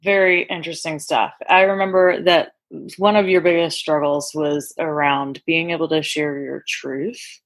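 Female podcast host with a deep voice, reflective and summarizing. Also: fairly even intonation, unhurried. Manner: reflective, summarizing the guest's story. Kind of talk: interview.

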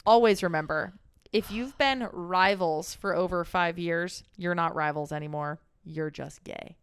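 A woman's voice: fairly low pitch, unhurried, smooth. A young adult woman co-hosting a podcast in casual chat, reading listener stories aloud expressively, swearing freely and laughing often. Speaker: podcast co-host.

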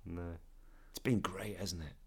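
This is a man co-hosting a casual podcast, speaking in a somewhat low male voice. He talks animatedly, laughs easily and often restarts his sentences as he goes. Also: fairly even intonation, a little slow, a little mellow, slightly rough. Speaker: podcast co-host. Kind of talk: casual chat.

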